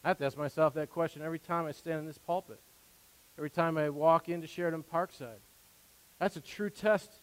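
A brisk male preacher with a fairly high voice and fairly even intonation addresses the congregation in a church sanctuary. As pastor he is earnest and conversational, pushing into rising emphasis and throwing in asides, and long hall reverb fills the recording.

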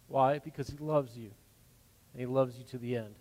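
A man preaching a sermon as pastor, swinging from hushed, gentle passages to loud, emphatic lines. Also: mid-range voice, steady tone, moderate pace. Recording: long hall reverb.

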